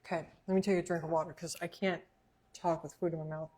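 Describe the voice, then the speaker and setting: Woman, cooking-stream host, low voice, chatty, laughs a lot. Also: flat delivery, quick pace, mellow, a little hiss or hum. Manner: chatty, laughs often, talks while eating. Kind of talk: casual livestream chat.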